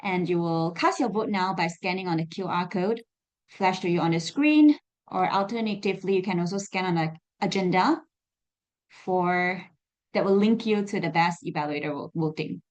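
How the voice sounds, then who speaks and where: A woman's voice: lowish voice, moderate pace. Upbeat woman hosting a club meeting. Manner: upbeat, ceremonious introductions. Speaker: general evaluator at a speaking club meeting. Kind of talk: hosting a segment of an online meeting. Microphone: video call.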